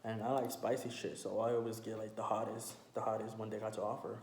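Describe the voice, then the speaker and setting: A man's voice: lowish voice, flat delivery, fast, darkish tone. A young man telling a story casually while eating, slangy and profane, with many fillers. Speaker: mukbang storyteller. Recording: roomy echo, faint background noise.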